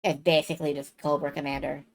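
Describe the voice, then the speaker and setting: Chatty woman streamer, slightly low voice. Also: level tone, quick pace. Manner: chatty, wry asides. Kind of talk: casual live-stream chat.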